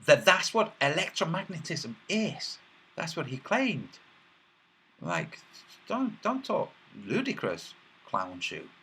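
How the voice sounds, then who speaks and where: A husky-voiced man chats casually on a livestream. His pitch swings widely and his tone is bright and sharp. He rambles and mocks, filling pauses with stretched sounds. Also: sing-song. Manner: rambling and mocking, with many filler sounds. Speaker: livestream host reading chat.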